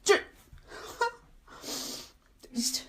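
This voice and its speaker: A frightened woman, filming herself alone in a dark house at night, pleading and swearing under her breath. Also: extremely slow. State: scared. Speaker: cleaner alone in a supposedly haunted house. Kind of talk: filming herself, talking to viewers and to a ghost.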